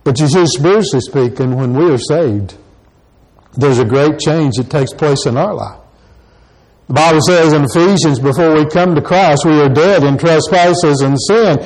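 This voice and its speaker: A man's voice: a little high, normal speed, a little mellow, low-quality recording. A pastor preaching a sermon to his congregation, pressing the same questions again and again. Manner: repeats rhetorical questions to the congregation.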